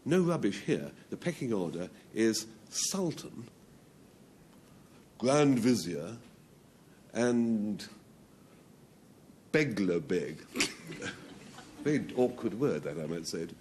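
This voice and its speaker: A man's voice: fairly low pitch, sing-song, a little mellow, a little hiss or hum. A man captaining a team on a TV panel game, playfully drawing out a comic definition. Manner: playful, drawn-out, self-amused.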